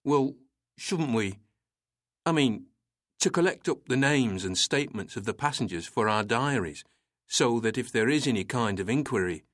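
A man's voice: mid-range voice, animated, normal speed, fairly bright tone, no echo, clean studio sound, lightly acted. A man voicing a nervous, stammering young English officer in a read-aloud story. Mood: hesitant. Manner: hesitant, stammering.

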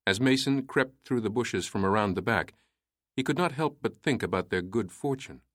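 A man reading a story aloud in a measured, steady way. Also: lowish voice, no echo, studio quality. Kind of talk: storytelling narration.

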